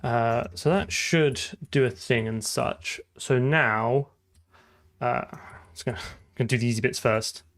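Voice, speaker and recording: A man with a southern English accent talks through his code on a live stream. His voice has a gravelly, fry-edged texture at an ordinary middle pitch. He thinks aloud in a loose, chatty way. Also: measured pace, a bit bright. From southern England. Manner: chatty, thinks aloud while coding, laughs often. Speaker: programming streamer. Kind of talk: casual live-coding chat.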